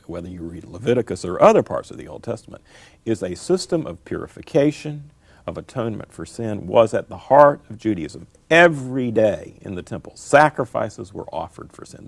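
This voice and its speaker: A man's voice: on the low side, vocal fry, husky, dry recording. A middle-aged man, a scholar answering interview questions in an emphatic, lecturing way, repeating his key phrases. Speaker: guest scholar.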